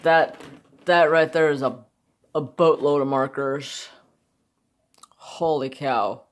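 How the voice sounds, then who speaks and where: A man's voice: fairly high pitch, fairly even intonation, slow pace. A man chatting casually and jokingly as he swatches markers for his craft vlog. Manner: chatty, joking, self-deprecating. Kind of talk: casual chat.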